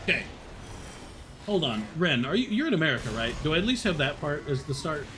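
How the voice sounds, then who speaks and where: Guy streaming and rambling, kinda high lively voice, swears a lot, noisy background. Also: fairly quick. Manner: rambling, swears, laughs often; chats with unheard viewers, reads chat. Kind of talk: casual stream chat.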